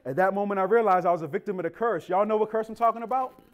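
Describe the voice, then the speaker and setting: A man's voice: sits high, very fast. A man preaching a sermon as pastor, telling funny family stories in a casual, colloquial way and talking straight to the congregation. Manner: animated, joking storytelling with a casual, colloquial delivery; talks directly to the congregation.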